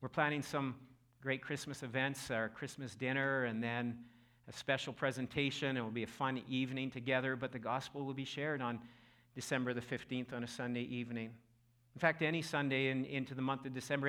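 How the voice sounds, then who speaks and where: A middle-aged male pastor preaching a sermon in a church, impassioned, who acts out quotes loudly. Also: mid-range voice. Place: church auditorium.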